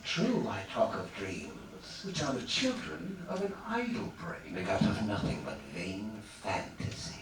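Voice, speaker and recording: An actor on a convention stage playing a mercurial young Shakespearean nobleman, swinging from loud mockery to hushed musing. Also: on the low side, wildly swooping pitch, a little slow, few pauses, background noise, full character voice. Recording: echoey hall, far off, crowd behind.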